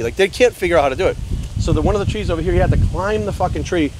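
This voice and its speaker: A man in his forties tells an animated story outdoors by a road, swearing freely as he goes. His voice sits a little high for a man. Faint traffic and outdoor noise run behind him. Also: racing. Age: 40s. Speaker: vlogger. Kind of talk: casual storytelling vlog.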